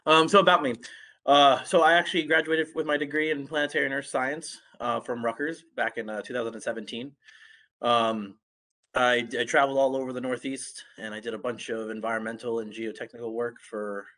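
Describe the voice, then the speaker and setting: A young man with a congested, just-recovering voice gives a casual online talk as a guest speaker, with lots of fillers and restarts. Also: mid-range voice. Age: young adult. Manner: relaxed, many fillers and restarts.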